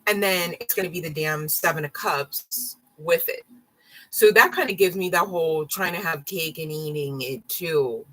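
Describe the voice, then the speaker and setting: Woman tarot reader, live stream, low pitch, forceful bright tone, rambling and blunt with swearing. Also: normal speed, poor audio. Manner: rambling and frank, swears, apologizes often.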